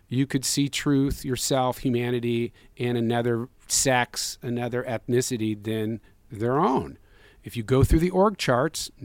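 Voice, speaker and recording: A man's voice: medium pitch, no echo. A man, a filmmaker guest, speaking earnestly, rambling through many restarts and fillers. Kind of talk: conversational interview answer.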